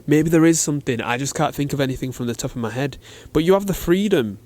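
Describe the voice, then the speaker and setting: A man's voice: fairly high pitch, fast, darkish tone. A man hosting a casual solo podcast, talking in a chatty, slangy way and acting out little made-up exchanges, recorded in a shop. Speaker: podcast host. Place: cold shop with fridges.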